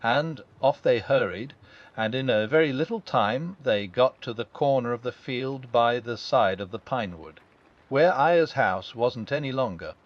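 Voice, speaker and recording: A man reads a children's storybook aloud in a gentle bedtime manner, hardly changing his voice for the characters. His pitch moves freely from line to line. The recording sounds dull and lo-fi. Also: animated, a little slow. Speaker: audiobook narrator. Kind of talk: calm bedtime storybook reading.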